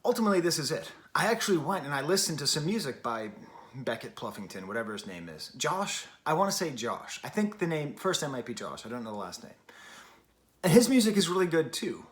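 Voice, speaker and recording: Brisk and sing-song, with a voice on the high side, a middle-aged music review host rambles chattily through a casual spoken review, tossing in wry asides.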